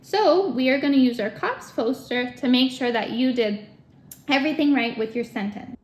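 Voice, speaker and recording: A woman teacher with a high, bouncy voice that swoops up and down as she coaches a young child letter by letter. She sounds encouraging and animated, recorded from a little way off in an echoey room. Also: moderate pace. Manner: animated, encouraging, step-by-step prompting. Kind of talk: guided writing lesson for a young child. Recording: echoey room, mic at a distance.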